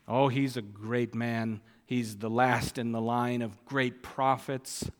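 Slow, deliberate male preacher in a hall. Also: mid-range voice, flat delivery. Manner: slow, deliberate delivery with emphatic rises on quoted scripture. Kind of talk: sermon. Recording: long reverb of a church hall.

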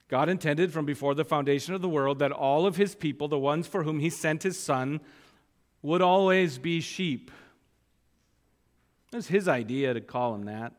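Emphatic preacher in a reverberant hall. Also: male voice, on the high side, normal speed, pauses often. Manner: emphatic, repeats key phrases for weight; reads scripture aloud with rising force. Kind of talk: sermon.

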